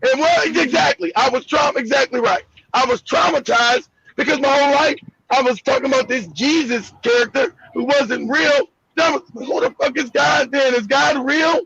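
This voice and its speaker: An American man hosting a live discussion, telling a story with passion. He is emphatic and profane, often shouts, and laughs through his stories over a video call. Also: very high-pitched, lively intonation, normal speed, gravelly, dull audio. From United States. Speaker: show host.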